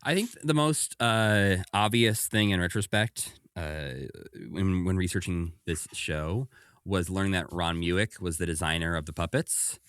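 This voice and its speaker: Male podcast co-host, very low voice, dry close sound, easygoing and chatty. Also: unhurried, smooth, no echo. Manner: relaxed, laughs often, quotes characters in passing. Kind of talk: casual podcast chat.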